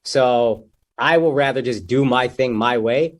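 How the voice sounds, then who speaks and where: A young man talks as a guest comedian in a loose, casual interview. His voice sits in a middle pitch, and he jokes and riffs freely. He drops "dude" and "like" often. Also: measured pace. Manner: loose and joking, says "dude" and "like" a lot.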